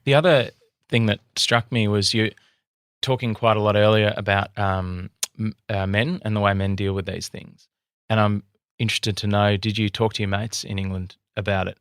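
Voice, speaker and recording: A man with a slightly low voice, recorded dry and close. He co-hosts the conversation, asking curious, attentive follow-up questions. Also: little pitch movement, moderate pace, fairly bright tone, clean tone, dry recording. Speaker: podcast co-host. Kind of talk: interview conversation.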